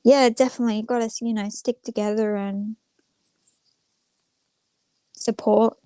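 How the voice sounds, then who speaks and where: She's a small-channel live streamer chatting with viewers from a room at home behind a closed door, rambling and peppering her speech with "like" and "um." Her voice is a little high, warm and smooth, fairly even and a bit slow, in a dry recording.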